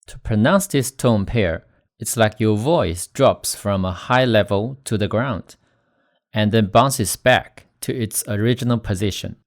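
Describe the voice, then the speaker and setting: A man teaching Chinese pronunciation in a scripted lesson, slowly demonstrating tones with stressed example words. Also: on the low side. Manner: slow, deliberate, demonstrating tones with stressed syllables.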